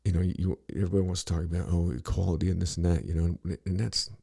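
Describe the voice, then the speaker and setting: A man's voice: low-pitched, little pitch movement, rapid-fire, vocal fry, warm tone, breathy edge. A middle-aged man talking bluntly and casually on a podcast, rambling and profane, with lots of "you know" between his thoughts.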